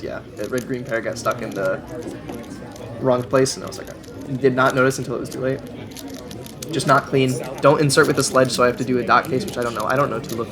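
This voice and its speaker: A young man giving casual voice-over commentary, chatty and self-deprecating, often laughing at himself. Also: mid-range voice. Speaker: vlogger.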